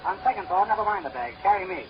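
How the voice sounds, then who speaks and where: An actor playing a fast-talking male con man who fires off deadpan puns and wisecracks, in 1930s radio comedy. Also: high voice, highs cut off. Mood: wisecracking. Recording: scratchy, hissy 1930s radio recording.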